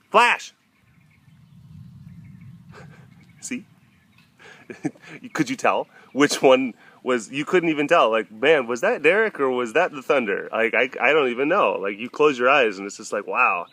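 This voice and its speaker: A man's voice: medium pitch, a bit bright, dry recording. A young man talks casually on camera outdoors at an animal compound in wet weather. He rambles and cracks jokes, slipping into playful sound effects and baby talk for the big cats. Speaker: big cat sanctuary keeper and webcast host. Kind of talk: casual outdoor vlog chat.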